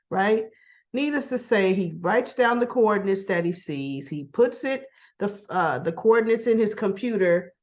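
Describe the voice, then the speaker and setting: A woman's voice: medium pitch, animated, normal speed, darkish tone, lo-fi sound. A woman hosting a casual soap opera recap, chatting through the episode and acting out the characters' lines as she goes.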